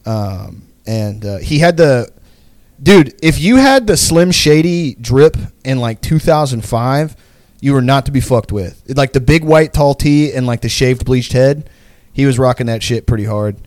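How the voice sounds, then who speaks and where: There's a studio-quality, room-free sound to this young podcast co-host's medium-pitched, darkish voice. He's animated but unhurried as he casually rambles through a long story, dropping lots of "like" fillers and profanity and laughing often.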